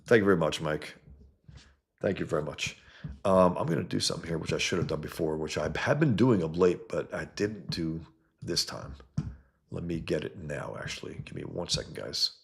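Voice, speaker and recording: Deep gravelly-voiced man, blunt livestream host. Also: expressive, moderate pace. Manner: blunt, rambling, often trails off mid-sentence. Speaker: livestream host reading chat. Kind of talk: casual livestream chat.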